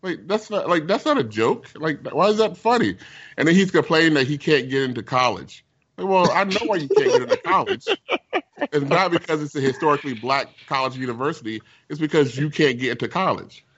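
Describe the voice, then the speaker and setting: A man's voice: a little high, big pitch swings, fairly quick, a bit bright, husky, muffled recording. A man co-hosting a casual group chat, rambling emphatically, with frequent restarts and repeated words. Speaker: podcast co-host.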